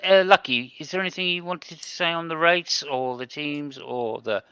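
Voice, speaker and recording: Chatty joking guy hosting, really bright tone, slightly higher voice, dull dry audio. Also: moderate pace, clear, resonant tone, no room sound. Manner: chatty, joking, stops and restarts. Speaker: host. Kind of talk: casual chat.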